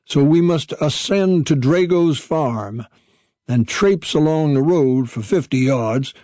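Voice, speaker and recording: A man's voice: fairly high pitch, lively intonation, takes it slowly, dark tone, dry recording, voice pushed up. A man voicing a formal, self-assured old male dog who speaks in stately, old-fashioned phrases. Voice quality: pompous, old-fashioned diction.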